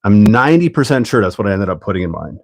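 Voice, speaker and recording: A man's voice: lowish voice, very animated, fast, gravelly, dry recording. Chatty man hosting a hobby livestream. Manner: chatty and rambling, laughs often, thinks out loud. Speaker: livestream host building an RC kit. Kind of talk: casual livestream chat.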